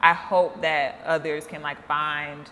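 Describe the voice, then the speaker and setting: A woman with a lowish voice talks as a podcast guest, reflective and earnest in a casual chat. A long hall reverb trails her words over a faint hiss. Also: little pitch movement, slow, sharp tone.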